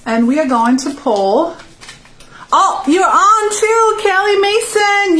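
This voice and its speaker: A high-voiced woman hosts a casual live cooking demo from her home kitchen, chatting and asking viewers whether they agree while selling kitchen products. The room is echoey, she's far from the mic, and there's slight background noise.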